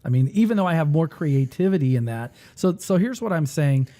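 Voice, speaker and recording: A man hosting a casual talk who rambles and thinks aloud while he clicks through music software. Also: on the high side, lively intonation, fairly quick. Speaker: music teacher and podcast host.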